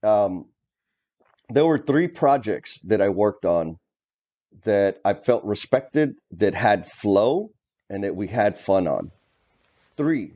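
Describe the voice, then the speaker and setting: Blunt storytelling man, mellow voice. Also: on the low side, expressive, slow pace, long pauses. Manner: storytelling, drawls and blunt, mild cursing. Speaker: co-host, former plumbing superintendent. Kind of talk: casual conversation.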